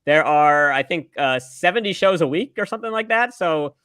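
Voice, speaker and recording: A man's voice: a little high, lively intonation, moderate pace, a bit bright, clear, resonant tone, dry recording, clean studio sound. A man hosting a casual comedy chat show, joking and teasing his guests. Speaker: show host.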